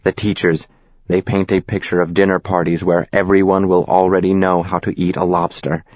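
A man reading a novel aloud as narrator, in a deadpan, measured, wry manner. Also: low-pitched, no echo. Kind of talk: scripted audiobook narration. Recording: slightly dull, dry recording.

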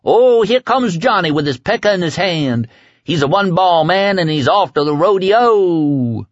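A man's voice: on the high side, very animated, fairly quick, fairly bright tone, no room sound, voice pushed up. A man voicing a crazed, reckless young man who sings crude songs, barks orders and swears. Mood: taunting singsong. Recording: dry dull lo-fi audio.

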